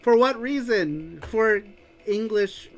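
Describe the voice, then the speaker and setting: A man hosting a casual livestream show, excitedly reading viewer comments aloud and laughing often. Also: high-pitched, slow pace. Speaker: show host.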